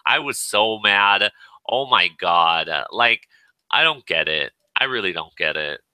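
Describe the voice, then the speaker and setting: A man's voice: lowish voice, animated, unhurried, bright, forceful tone, clear, resonant tone, no echo, rough recording. A tired man venting and swearing in casual chat, rambling in exasperation.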